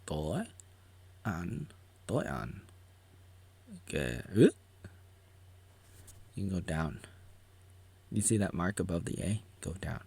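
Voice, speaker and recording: A man's voice: sits low, huge pitch swings, slow, creaky, long pauses, darkish tone, breathy edge, no room sound. A man giving a goofy, rambling live reaction to a video about himself, jumping into silly voices and whispers. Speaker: vlogger reacting to his own documentary. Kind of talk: casual live reaction commentary.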